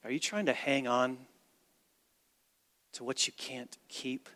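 A man preaching a sermon as pastor, with dramatic swings from hushed to loud and emphatic delivery. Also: medium pitch, fairly even intonation, slow. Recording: long reverb of a large hall.

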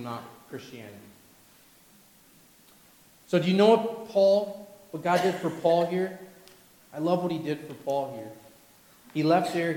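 A man preaching a sermon with animated delivery, acting out the voices of people he quotes. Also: fairly high pitch. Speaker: pastor. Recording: echoey hall with long reverb.

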